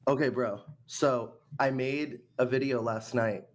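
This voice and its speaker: A man's voice: medium pitch, fairly even intonation, unhurried. Sarcastic man trading jabs in voice chat. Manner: sarcastic, mocking. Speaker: voice chat participant. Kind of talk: casual voice chat banter.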